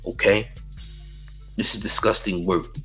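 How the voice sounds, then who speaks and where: A man's voice: fairly low pitch, fairly even intonation, a little slow, pushed and bright, breathy edge, faint music behind, rough recording. A man giving opinionated celebrity news commentary, blunt and emphatic, often repeating slang tags at the end of his points.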